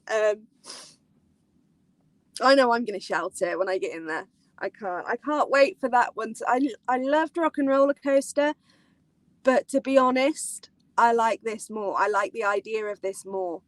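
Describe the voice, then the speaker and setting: A woman with a high, bright-toned voice hosts a casual live-stream chat. She rambles excitedly, giggles often and leans on lots of fillers. The sound is dry and close to the mic. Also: unhurried, long pauses, no room sound, rough recording. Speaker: host of a live theme park chat.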